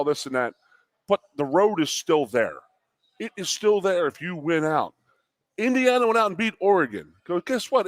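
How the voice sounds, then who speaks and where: A man's voice: sits high, no echo. Worked-up man on sports talk. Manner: animated, worked up, repetitive restarts. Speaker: co-host, former player. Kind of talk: sports talk show chat.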